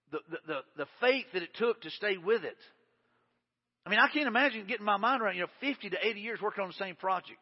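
A middle-aged pastor preaching a folksy, conversational sermon and acting out quoted voices. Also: male voice, sits high. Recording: dull, echoey hall sound.

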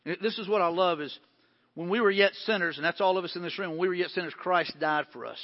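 High-voiced pastor preaching in a reverberant hall. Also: male voice, quick pace. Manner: earnest, builds to emphatic peaks then drops to hushed tones. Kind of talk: sermon. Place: church sanctuary. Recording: dull sound with long hall reverb.

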